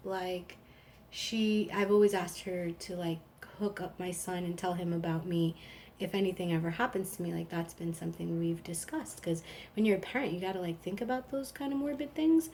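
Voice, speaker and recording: A woman's voice: fairly low pitch, moderate pace, a little mellow, slight background noise. A woman in her thirties hosting a live stream, casual and rambling, with lots of "like". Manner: chatty, rambling, frequent "like". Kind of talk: casual chat.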